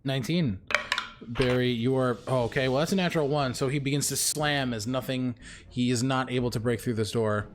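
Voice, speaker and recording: A man running a tabletop role-playing game as game master, casual and swearing when excited. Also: mid-range voice, fairly quick, slight background noise.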